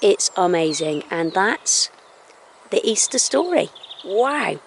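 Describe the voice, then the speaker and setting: A woman's voice: medium pitch, takes it slowly, gravelly, slight background noise. Woman telling a kids story outside at dawn, phone recording, birds chirping faintly behind. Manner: animated, exclaiming, drops to hushed tones for dramatic moments. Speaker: school assembly presenter. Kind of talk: storytelling to children outdoors. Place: outdoors on a hill at sunrise with a dog.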